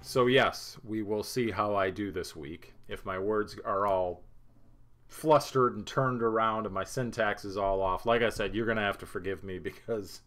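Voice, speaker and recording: A man's voice: lowish voice, normal speed, a bit bright, soft background music. A man presenting a weekly market note in a casual, rambling way, out of breath after a workout and laughing at himself. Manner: chatty, self-deprecating, rambling with restarts. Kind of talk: casual unscripted market commentary.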